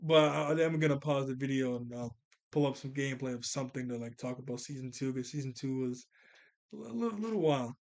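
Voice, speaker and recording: A man reviewing a cartoon episode in a casual, excited recap, rambling with fillers and laughing as he retells it. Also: mid-range voice, fast. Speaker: show reviewer.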